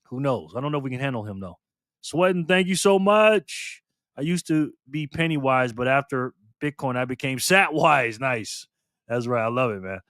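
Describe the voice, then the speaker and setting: A man's voice: medium pitch, lively intonation, moderate pace, fairly bright tone, dry recording, studio quality. A man hosting a casual live stream, chatting loosely with viewers and laughing easily. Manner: laid-back, chatty, laughs often, greets viewers.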